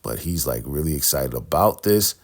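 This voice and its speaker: Low-voiced man recapping a show. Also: normal speed. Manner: animated, retells scenes by acting out quotes. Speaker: recap host. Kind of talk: casual episode recap with acted quotes.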